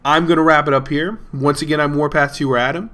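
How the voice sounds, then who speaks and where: A man's voice: on the high side, steady tone, fast talker, a bit bright. A young man hosting a gaming channel, telling a rambling, amused story in a casual tone and chuckling between lines. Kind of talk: casual storytelling over gameplay.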